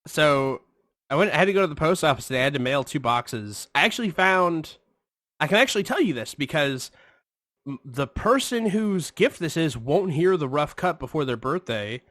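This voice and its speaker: A man's voice: on the high side, animated, moderate pace, a bit bright, dry recording. A man co-hosting a podcast, telling a rambling, profane story in casual chat. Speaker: podcast co-host.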